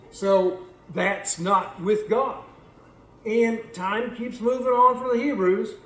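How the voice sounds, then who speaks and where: High-voiced preacher in an echoey hall. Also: male voice. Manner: repeats words, asks the congregation questions. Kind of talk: sermon. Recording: echoey room, faint background noise.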